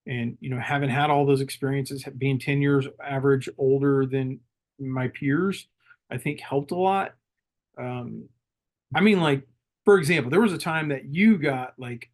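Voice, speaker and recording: A middle-aged man, a former Marine leader, telling stories in a calm and reflective way as a podcast guest. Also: mid-range voice, moderate pace. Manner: calm, reflective, laughs easily. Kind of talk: casual interview storytelling.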